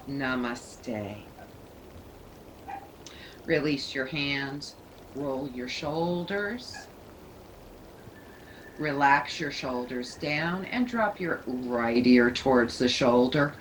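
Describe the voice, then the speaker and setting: A woman leading a yoga class, giving calm, soothing cues. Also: a bass voice, a little hiss or hum, rough recording. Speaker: yoga teacher. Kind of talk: guided yoga instruction.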